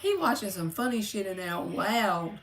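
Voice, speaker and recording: A woman's voice: mid-range voice, big pitch swings, normal speed, gravelly, far from the mic, a little hiss or hum. A woman doing a chatty, joking tarot reading for her viewers, calling them by name. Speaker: tarot reader. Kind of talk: casual live-stream tarot reading. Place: home room.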